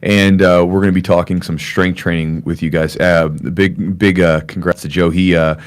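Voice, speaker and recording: A man's voice: low voice, little pitch movement, moderate pace. A man hosting a podcast in a small upstairs room, rambling casually with lots of fillers. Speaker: podcast host.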